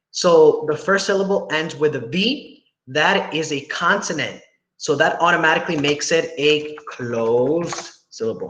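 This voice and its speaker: A young male teacher speaks over a video call in a fairly high, patient voice, walking students through each step and checking in often. The room sounds echoey, with a faint hiss of noise behind him. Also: a bit bright. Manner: patient, explains step by step with frequent "right?" checks. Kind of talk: online class instruction.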